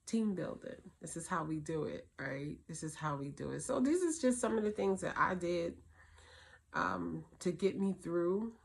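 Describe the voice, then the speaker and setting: A woman's voice: on the low side, expressive, normal speed, gravelly, breathy edge. A middle-aged woman hosting a casual advice talk for single mothers, telling stories and acting out her kids' voices and her own. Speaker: host.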